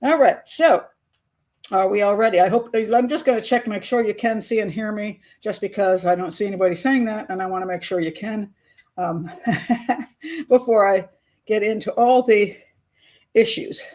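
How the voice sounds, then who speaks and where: A woman's voice: mid-range voice, moderate pace, darkish tone. An older woman hosting a live stream, chatting casually and rambling with frequent laughs. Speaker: host.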